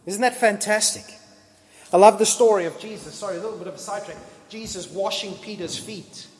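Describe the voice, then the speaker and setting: A man preaching a sermon as pastor, lively and conversational, acting out scripture scenes in casual voices. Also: sits high, a little fast. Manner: lively, acts out biblical dialogue in casual voices. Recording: long reverb of a large hall.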